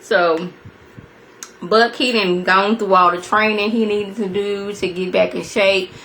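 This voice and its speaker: A woman in her thirties chattily recapping a TV episode to her viewers, acting out quotes in a high voice. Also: measured pace, slight background noise. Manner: animated storyteller, acts out quotes in a high voice; chatty, talks straight to viewers. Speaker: TV review vlogger.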